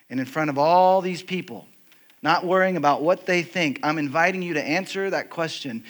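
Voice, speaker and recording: A middle-aged man preaching a sermon, telling a personal story with animated highs and soft, quiet heartfelt passages. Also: moderate pace. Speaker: pastor.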